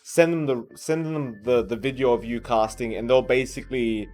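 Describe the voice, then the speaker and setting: A man's voice: mid-range voice, steady tone, moderate pace, a little mellow, soft background music. A man co-hosting a podcast as an esports caster, in casual, rambling chat with a lot of restarts and some swearing, sounding tired. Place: hotel conference room.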